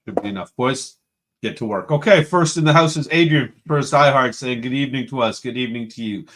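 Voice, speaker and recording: Man, live-stream host, casual chat, upbeat, greets viewers one by one, mid-pitched voice. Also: a little fast, fairly bright tone, slight background noise. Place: home room with a computer.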